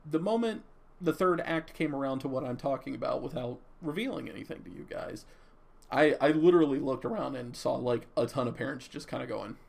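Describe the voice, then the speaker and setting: Chatty young man with gravelly voice. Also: mid-range voice, brisk, a little mellow. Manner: rambling, stammering, chatty. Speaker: movie reviewer. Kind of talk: casual off-the-cuff review.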